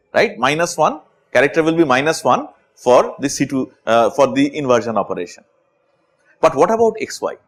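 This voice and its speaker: A man with an Indian English accent giving a university chemistry lecture, often asking "right?" as he explains. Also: fairly high pitch. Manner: animated, asks rhetorical questions with repeated "right?".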